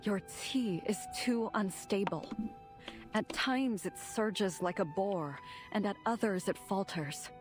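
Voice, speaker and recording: A woman voicing a stern female sect grandmaster in a game, speaking in a measured, grave way. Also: mid-range voice, soft background music, natural voice. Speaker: game character. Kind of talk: game voice acting.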